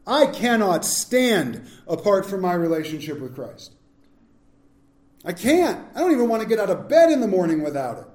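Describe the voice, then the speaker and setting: Male pastor, high voice, animated sermon delivery, echoey church hall. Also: moderate pace. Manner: animated preaching that swings from loud to hushed.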